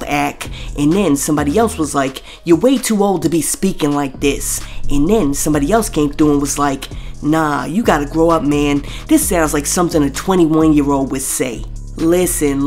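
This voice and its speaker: A woman with a low-pitched, slightly mellow voice hosts a celebrity gossip show, chatting straight to viewers in scripted commentary. She reads posts aloud and spells out the censored swear words.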